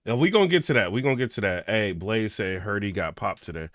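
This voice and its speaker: Animated, bright-voiced man chatting on stream. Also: on the low side, fast, dry recording, clean studio sound. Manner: chatty, reads viewer comments aloud, laughs often. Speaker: streamer reacting to clips. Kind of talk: late-night casual reaction stream.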